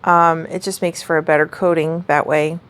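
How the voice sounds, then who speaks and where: A woman's voice: sits low, level tone, normal speed, fairly bright tone, clear, resonant tone. A woman casually walking through a home cooking recipe, chatty and rambling with lots of fillers. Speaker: home cook showing a recipe.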